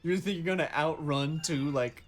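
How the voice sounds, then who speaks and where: Chatty young man, higher voice. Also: a little fast. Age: young adult. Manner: chatty, tells retail customer anecdotes with acted-out quotes. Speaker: gaming co-host. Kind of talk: casual chat while gaming.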